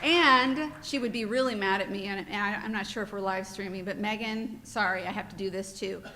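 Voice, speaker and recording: A woman's voice: mid-range voice, fairly quick, some chatter behind, a little hiss or hum. A woman giving welcome remarks at a conference, heartfelt and a little off-script, speaking into a microphone in a hotel meeting room. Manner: warm, heartfelt, a bit off-script and emotional.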